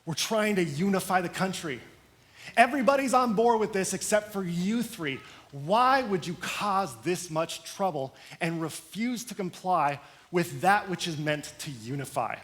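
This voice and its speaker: A man's voice: high voice, expressive, unhurried, a bit bright. A man voicing a ruthless, commanding male president during a sermon retelling. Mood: stern.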